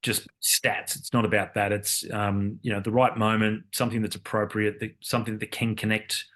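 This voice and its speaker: A fairly low-pitched man in his fifties, telling stories as an interview guest. He rambles, circles back and fills gaps with "um" and "you know" as he works toward his point. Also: level tone, moderate pace, fairly bright tone. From Australia. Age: 50s. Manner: rambling, with many fillers and repeated starts. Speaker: guest, Olympic cyclist and commentator. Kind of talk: casual interview conversation.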